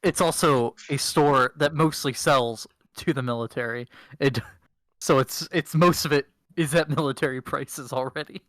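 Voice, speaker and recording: Game master: man, mid-pitched, relaxed and self-deprecating, dry close sound. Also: normal speed, no room sound. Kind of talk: narrating a tabletop game over voice chat.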